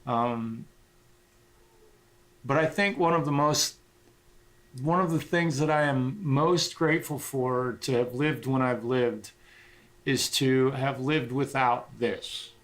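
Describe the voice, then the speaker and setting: A man's voice: medium pitch, takes it slowly, long pauses, a bit bright. A middle-aged man livestreaming as a guitarist, chatting casually in a rambling, sentimental way with frequent swearing.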